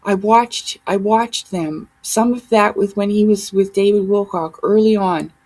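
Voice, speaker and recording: A woman's voice: medium pitch, measured pace, a little mellow, rough recording. A woman vlogger talking straight to her viewers in a heated, rambling, profane monologue. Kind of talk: casual ranting monologue.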